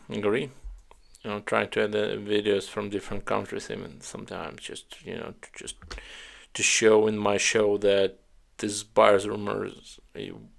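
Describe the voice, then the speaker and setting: A man with a low voice introduces the next clip, stopping and restarting often. His delivery is flat and even, with a gravelly rasp at the ends of phrases. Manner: hesitant, halting phrasing with fillers. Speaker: show host. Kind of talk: casual introduction of clips.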